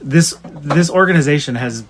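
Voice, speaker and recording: Male co-host, a touch high-pitched, profane and rambling. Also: normal speed, a little hiss or hum. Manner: rambling, swears, fired-up rants. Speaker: podcast co-host. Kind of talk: casual chat.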